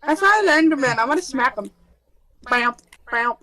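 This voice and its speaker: A woman's voice: sits high, normal speed, sharp tone. A young woman chatting playfully during a gaming stream, teasing her co-streamer. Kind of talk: casual gaming stream chat.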